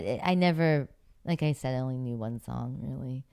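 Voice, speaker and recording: Middle-aged actress from Pittsburgh, chatty interview guest, very deep and smooth for a woman. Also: moderate pace, warm tone. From Pittsburgh, USA. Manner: chatty, many fillers, laughs often. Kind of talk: relaxed interview storytelling.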